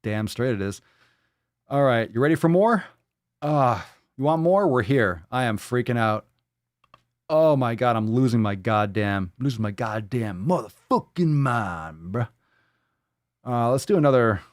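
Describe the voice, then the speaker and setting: A man's voice: medium pitch, lively intonation, unhurried, pauses often, no echo, studio quality. A man hosting a live podcast, riffing sarcastically and swearing a lot as he reads posts aloud. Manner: sarcastic, profane, jumps into silly voices. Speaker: podcast host. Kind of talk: casual live show banter.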